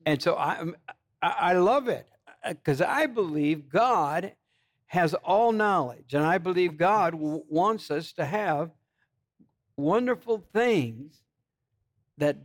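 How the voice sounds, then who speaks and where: A man hosting a Christian talk show, speaking slowly and haltingly in a preacherly way. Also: high-pitched, animated. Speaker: talk show host, pastor.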